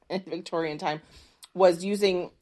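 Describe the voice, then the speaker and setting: A woman in her forties co-hosting a podcast in casual chat, emphatic and animated, often laughing. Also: on the low side, takes it slowly. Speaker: podcast co-host.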